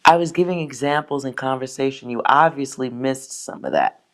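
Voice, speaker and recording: Her voice is extremely low and her delivery brisk as this tarot reader hosts a livestream. She chats casually with her viewers, ranting in a brash, profane, joking way.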